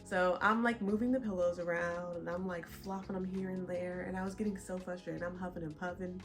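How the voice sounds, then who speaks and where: Chatty young woman, lowish voice. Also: steady tone, a little fast, faint music behind. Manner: chatty, laughs often while telling a story. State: pregnant. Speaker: vlogger. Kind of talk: casual chat.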